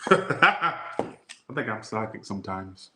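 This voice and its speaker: A man's voice: lowish voice, very animated, slow pace, background noise. A man with a Southern US accent giving a casual tarot reading, rambling into crude jokes. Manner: joking, rambling, crude asides. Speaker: tarot reader. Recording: echoey room.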